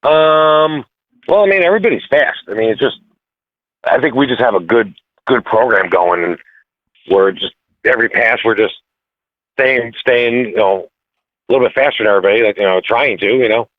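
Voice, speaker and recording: A man calling in as a guest racer, talking in halting, filler-heavy bursts over the phone. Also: mid-range voice, no room sound. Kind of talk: casual phone interview. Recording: tinny phone line, dry.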